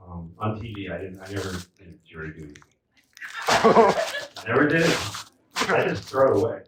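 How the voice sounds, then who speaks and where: A man doing a stand-up set of new material, rambling and offhand, often letting lines trail off quietly. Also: deep voice, animated, quick pace. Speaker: stand-up comedian. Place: comedy club stage. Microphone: venue recording from far off. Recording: roomy, distant, noisy club recording.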